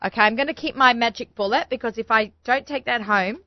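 A woman in her forties hosting a radio talk show, chatty and excitable, often laughing. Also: fairly high pitch, quick pace, no room sound, muffled recording. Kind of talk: casual chat.

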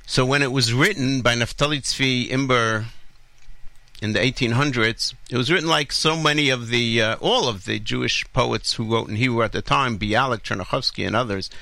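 A man's voice: medium pitch, moderate pace, gravelly, pushed and bright, no room sound. A man hosting a radio show, giving opinionated commentary with rhetorical questions, long explanations and self-corrections.

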